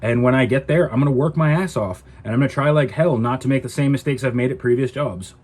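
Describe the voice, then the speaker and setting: A man's voice: medium pitch, fast talker, a little mellow, husky. A man ranting to camera in a casual vlog, indignant and exasperated. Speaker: vlogger.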